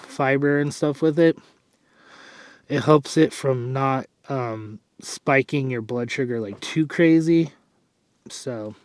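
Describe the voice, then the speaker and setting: A breathless fitness vlogger, a man with a medium-pitched, darkish voice, rambles through casual vlog talk on a dry recording. He keeps correcting himself, sighing and clearing his throat.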